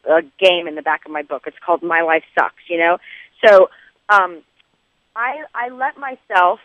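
A woman guest rambles in a chatty way over a phone from outdoors. She is an author and fills her speech with "you know" and "like". The line is dull and lo-fi, with a dry sound and no room echo. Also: lowish voice. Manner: chatty, rambling, many fillers. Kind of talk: casual phone interview.

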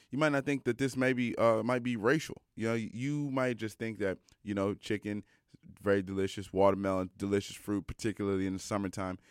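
A young adult man telling a personal story in a casual monologue, animated and emphatic, with many fillers. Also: mid-range voice, clear, resonant tone, no room sound, studio quality.

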